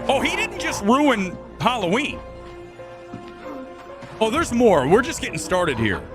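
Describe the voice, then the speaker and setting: A man's voice: extremely high pitch, wildly swooping pitch, measured pace, over music. A man hosting a live movie show, delivering an angry, profanity-laced rant at a producer. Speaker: movie podcast host. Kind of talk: live-streamed film rant.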